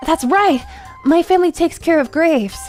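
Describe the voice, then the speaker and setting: A woman's voice: high voice, moderate pace, soft background music, voice pushed up, lightly acted. A woman voicing an earnest boy gravekeeper.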